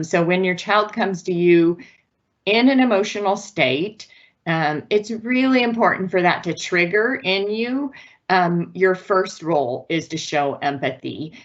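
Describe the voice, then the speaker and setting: A woman's voice: lowish voice, lo-fi sound. A woman giving a virtual parenting presentation in an earnest, patient, instructive way. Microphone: video call.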